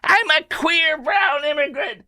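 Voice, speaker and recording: A shrill, whiny man's voice, pitched high and drawn out in a sing-song way, as a male commentator puts it on to mock. It lands bright and forceful in a dry, close sound. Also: expressive, normal speed, no room sound. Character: shrill mocked self-pitying man.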